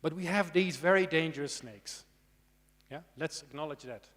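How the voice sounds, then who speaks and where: A snake expert with a slightly high, somewhat bright voice gives a conference talk to students at normal speed, the sound carrying a long hall reverb. His conversational lecture is full of dry humor, tag questions, and asides checking in with the audience.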